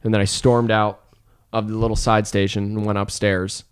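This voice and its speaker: A man's voice: lowish voice, flat delivery, normal speed, clear, resonant tone. A man in his thirties, a comedian guest, telling a story in casual chat, rambling and self-deprecating, filling his talk with "like". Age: 30s.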